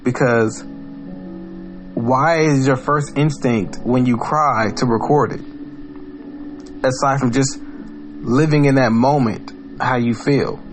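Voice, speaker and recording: A man's voice: mid-range voice, steady tone, takes it slowly, pauses often, faint music behind. Blunt, profane man musing aloud. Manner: blunt, profane, rambling with restarts. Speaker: podcast host. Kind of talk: casual monologue.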